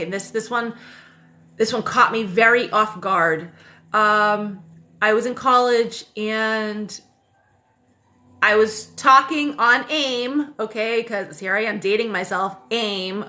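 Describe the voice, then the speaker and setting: A woman in her thirties, a spiritual livestream host, speaks at a medium pitch with a pushed, bright tone. Over a phone livestream she rambles through a personal story, packed with fillers, self-corrections and casual swearing.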